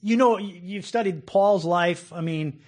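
A man's voice: sits high, a little slow, a little mellow. A man preaching a conversational sermon, chuckling often and acting out people's complaints. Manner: conversational, laughs often, acts out quoted complaints.

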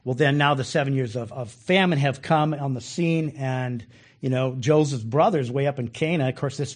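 Folksy, animated man teaching scripture. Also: a little high, husky. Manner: folksy, animated, acts out quotes in a raised voice. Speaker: Bible teacher. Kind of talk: casual Bible study teaching.

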